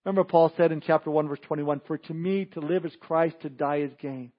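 A man's voice: a little high, fairly even intonation, a little fast, muffled recording. A man preaching a sermon as pastor, with emphatic, punchy lines that rise for emphasis.

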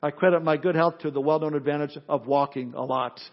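A man with a somewhat high voice preaches a sermon, mixing earnest warnings with humorous stories. The recording is dull and lo-fi, with muted highs. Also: fairly even intonation, brisk. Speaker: pastor.

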